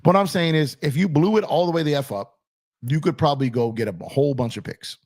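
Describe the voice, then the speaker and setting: Slightly high, slightly fast and a bit mellow, this man's voice carries an animated basketball talk show. He's insistent, repeats phrases and talks straight to the chat as "y'all." An on-camera streaming setup records him in his purple-lit home studio.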